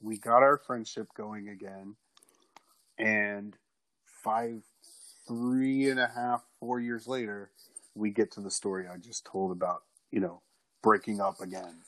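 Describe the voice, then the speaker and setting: A man telling a personal story in a casual, animated way, swearing freely. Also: fairly low pitch, a little slow, dry recording, rough recording. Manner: animated, profane, acts out quoted people loudly.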